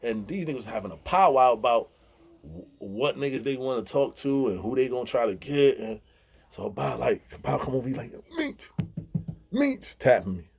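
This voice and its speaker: A man's voice: medium pitch, brisk, vocal fry, slightly rough. A man casually telling funny prison stories, laughing and mimicking the people he talks about. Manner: animated, laughing, mimics others' voices in quotes. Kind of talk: casual storytelling.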